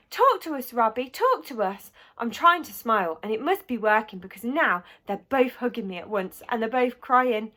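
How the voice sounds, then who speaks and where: A woman's voice: medium pitch, a bit bright. A woman reading a children's book aloud, narrating expressively in the first person. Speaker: audiobook reader.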